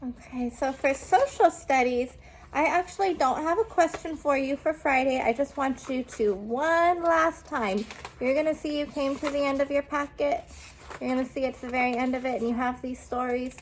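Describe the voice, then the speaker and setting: A young woman teacher talks kids through a home lesson, her voice sitting a touch high. She is patient and unhurried. She breaks words into single sounds and checks in with a quick "okay?" again and again. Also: fairly even intonation, a little hiss or hum. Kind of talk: remote classroom lesson.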